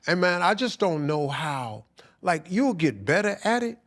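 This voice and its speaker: A man's voice: sits high, very animated, measured pace, fairly bright tone. A man, a podcast guest telling emotional, slangy stories. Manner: emotional storytelling, slangy and profane. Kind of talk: candid podcast conversation.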